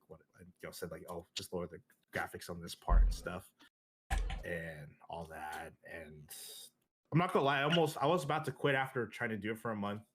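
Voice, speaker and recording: A man with a somewhat low voice tells his story in a loose, animated way, swearing freely and laughing often. Faint noise sits under his home recording. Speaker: streamer guest. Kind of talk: casual group chat.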